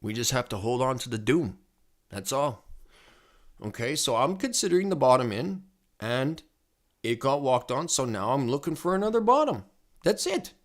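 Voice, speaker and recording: A man giving casual, rambling commentary on crypto charts as a trading educator, excitable and prone to repeating himself. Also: medium pitch, normal speed.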